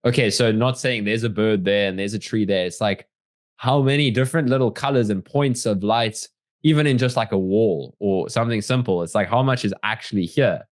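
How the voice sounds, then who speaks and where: Guy with a lowish voice, reflective chatty guest, lots of "like"s, dry close sound. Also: fairly quick, no echo. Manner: reflective, many "like" fillers, animated when recounting. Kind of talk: casual conversational interview.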